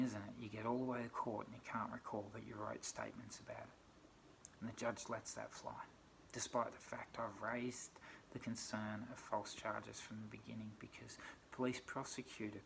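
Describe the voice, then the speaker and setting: A man's voice: lowish voice, creaky, fairly bright tone, slight background noise, low-quality recording. A middle-aged man with an Australian accent, ranting indignantly in a personal vlog and firing off rhetorical questions. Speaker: vlogger. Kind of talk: aggrieved personal rant.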